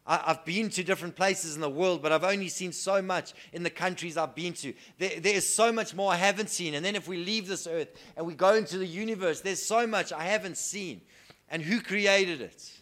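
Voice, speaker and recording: Earnest male preacher, slightly high voice, sermon swinging from hushed to declaring. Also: fairly quick. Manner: earnest, swings between soft hushed lines and loud emphatic declarations.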